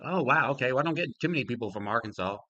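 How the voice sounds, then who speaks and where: A man's voice: mid-range voice, lively intonation, very fast, sharp tone, dry recording, highs cut off. An older man hosting a casual live-stream talk show, easygoing and chuckling, loose with fillers. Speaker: podcast host taking callers.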